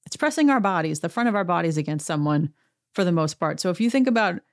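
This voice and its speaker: A woman's voice: on the low side, lively intonation, quick pace, dry recording, clean studio sound. A middle-aged woman hosting a recap show, chatty and sarcastic, acting out quotes in bigger voices. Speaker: podcast host recapping a reality show. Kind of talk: casual recap monologue.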